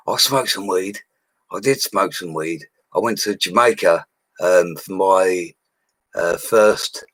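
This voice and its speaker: A man's voice: sits low, dry recording, low-quality recording. A man of forty, chatting casually and rambling on a live stream, with plenty of slang. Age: 40s.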